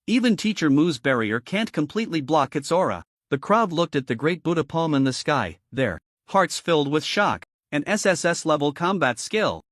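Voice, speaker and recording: A man narrating a fantasy novel story in a scripted, animated storytelling manner. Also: fairly high pitch, dry recording, clean studio sound.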